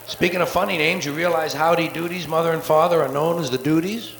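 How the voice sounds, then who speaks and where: A man doing a live stand-up routine, profane and sardonic, with rapid-fire wordplay, on a theater stage before an audience. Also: fairly high pitch, fairly even intonation, a bit bright. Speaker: stand-up comedian. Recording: echoey live soundboard tape with faint hiss.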